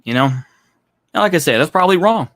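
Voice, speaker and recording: A commentary channel host gives a blunt, profane opinion monologue, rambling casually with plenty of filler phrases. His voice sits high with lively intonation, a quick pace and a fairly bright tone, recorded as clean studio sound without any room sound.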